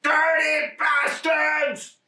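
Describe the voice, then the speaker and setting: An actor playing an irritable, nervous husband after a burglary, blustering, swearing and ranting in a stage play. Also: male voice, high-pitched, animated, a little slow, pushed and bright, full character voice. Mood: agitated. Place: theatre stage. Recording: roomy stage sound from a distant mic.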